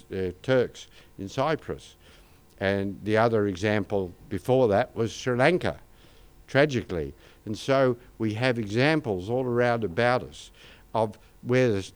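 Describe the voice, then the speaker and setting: An older Australian man giving a conversational sermon, with anecdotes and asides to the congregation. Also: fairly low pitch. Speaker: pastor.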